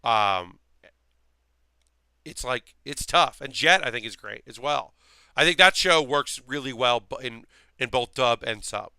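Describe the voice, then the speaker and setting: Bright, rambling male streamer. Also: mid-range voice, animated, unhurried, pauses often, clear, resonant tone, dry recording. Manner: rambling, many fillers and restarts. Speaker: streamer building a model kit. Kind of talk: casual chat while building.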